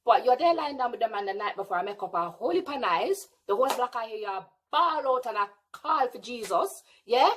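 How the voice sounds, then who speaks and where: A woman's voice: on the high side, animated, brisk, few pauses, a little hiss or hum. A young British woman with a sassy, indignant manner, telling a storytime vlog. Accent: British English. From England. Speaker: vlogger.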